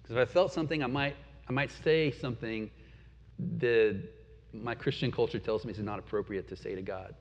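Male pastor, earnest sermon delivery, slightly husky voice, long hall reverb on a dull recording. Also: medium pitch, fairly even intonation. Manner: earnest, reflective, rhetorical questions, drops to quiet pauses.

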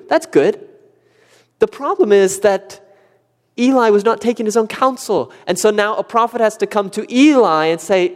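A man preaching a sermon, animated and acting out quoted questions with a rising voice. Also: high voice, moderate pace. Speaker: pastor. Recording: long church reverb.

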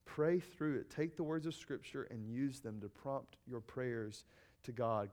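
A man giving an earnest sermon-style teaching, often repeating key phrases and pausing with ums and uhs. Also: mid-range voice, a little mellow.

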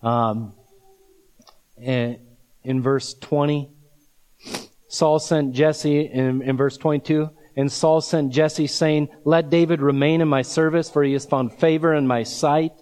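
Slow, emphatic male preacher. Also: fairly high pitch, fairly even intonation, darkish tone, big-room sound. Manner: reads scripture aloud with asides. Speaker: pastor. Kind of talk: sermon.

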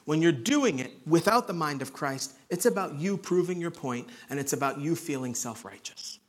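A man preaching an expository sermon in an earnest, conversational way, dropping to quiet emphasis on key points. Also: fairly high pitch, lively intonation, normal speed. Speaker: pastor.

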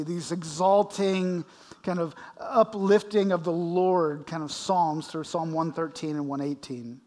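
A man's voice: on the high side, fairly even intonation, a little slow, darkish tone. Man preaching in a reverberant hall. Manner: expository preaching with dramatic readings of scripture. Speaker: pastor. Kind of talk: sermon. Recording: long reverb of a large hall.

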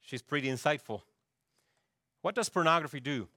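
Middle aged pastor guy preaching, pretty high voice, dry close sound, keeps asking the congregation stuff. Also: expressive, normal speed, sharp tone, dry recording. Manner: emphatic, asks the congregation questions. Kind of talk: sermon.

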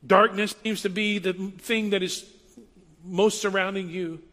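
Conversational male pastor, a touch high. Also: fairly even intonation, a little slow, bright, forceful tone, long reverb tail. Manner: conversational, emphatic, repetitive. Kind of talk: sermon.

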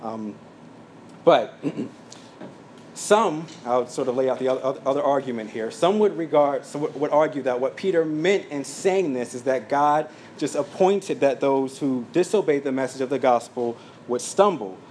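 A man delivering a verse-by-verse sermon, pausing on fillers and stepping into brief asides as he works through his notes. His voice sits at an ordinary middle pitch, with a faint hiss of room noise underneath. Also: darkish tone. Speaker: pastor.

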